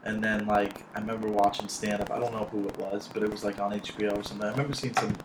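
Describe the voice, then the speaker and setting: A man's voice: fairly low pitch, little pitch movement, racing. A man in his thirties from South Florida, a stand-up comic chatting as a podcast guest, rambling with lots of fillers and restarts. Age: 30s. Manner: rambling, filler-heavy, self-interrupting. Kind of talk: casual conversation. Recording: echoey, noisy amateur podcast audio.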